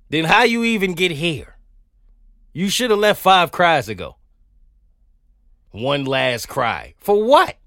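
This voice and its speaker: A man's voice: on the high side, dry recording, studio quality. A man hosting a podcast, telling stories and riffing in a casual comic monologue, sometimes singing bits of songs. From Southern United States. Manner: animated storytelling, sings snippets of songs. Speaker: podcast host.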